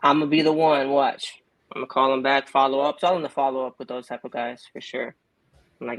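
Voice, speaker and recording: A man's voice: mid-range voice, steady tone, brisk, a bit bright, low-quality recording. Upbeat slangy man on sales calls. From Texas. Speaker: caller. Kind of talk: live sales calls and chat.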